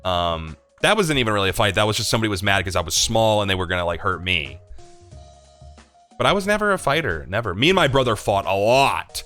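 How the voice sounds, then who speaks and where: A young man hosting a livestream, answering chat questions in rambling, confessional casual talk, swearing freely and filling pauses with "like" and "um.". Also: lowish voice, sing-song, pushed and bright, soft background music.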